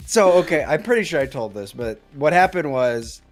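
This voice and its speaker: A man's voice: on the high side, lively intonation, moderate pace, faint music behind. Rambling young man telling a story. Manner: rambling, many fillers and restarts. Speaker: podcast co-host. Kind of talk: casual storytelling chat.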